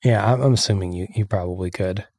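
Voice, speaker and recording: A man from Illinois hosts a casual podcast, reading news items aloud and breaking off into sarcastic rants. His voice has a gravelly edge and sits at an ordinary pitch. The sound is dry and close, with no room around it. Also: fast talker, dark tone, no echo. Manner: sarcastic, ranting. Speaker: podcast host.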